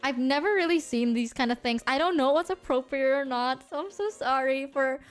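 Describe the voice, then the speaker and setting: A woman from Indonesia, telling a story to her chat in a casual, animated way and swearing freely. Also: high-pitched, normal speed. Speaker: streamer.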